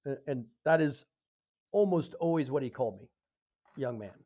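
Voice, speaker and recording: An American man in his fifties, a podcast guest telling a story in a casual, halting way, with many fillers and self-corrections. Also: mid-range voice, expressive, warm tone. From United States. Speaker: podcast guest, retired Air Force officer.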